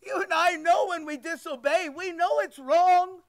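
A man's voice: extremely high pitch, moderate pace. A man preaching a sermon as pastor, emphatic and rhetorical, repeating his phrases.

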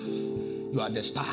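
Preacher mocking a flattering false prophet. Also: male voice, high voice. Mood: crooning. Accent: Nigerian. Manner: drawn-out mock prophetic intoning. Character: flattering adult male false prophet, grandiose. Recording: echoey hall with faint music.

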